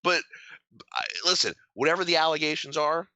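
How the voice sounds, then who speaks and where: A man's voice: on the high side, fairly quick, dry recording, muffled recording. A young man co-hosting a podcast in casual chat, telling stories and acting out quotes in funny voices. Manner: animated storyteller, acts out quotes in voices. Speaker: podcast co-host.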